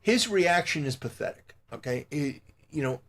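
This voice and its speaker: A man's voice: on the high side, expressive, fairly bright tone. A male content creator lectures in a moralizing, preachy monologue. He stops and restarts often, filling the gaps with hesitant fillers. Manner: moralizing, halting with many fillers. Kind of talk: preachy live-stream monologue.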